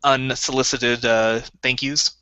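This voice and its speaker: A man's voice: mid-range voice, level tone, unhurried, pushed and bright, clean tone, no echo. A man co-hosting a podcast in easygoing casual chat, laughing often. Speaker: podcast co-host.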